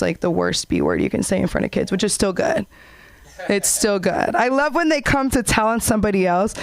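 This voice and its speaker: A young woman doing a stand-up comedy set and hosting an open mic, animated and acting out characters in high voices. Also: clear, resonant tone, no room sound. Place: comedy club stage.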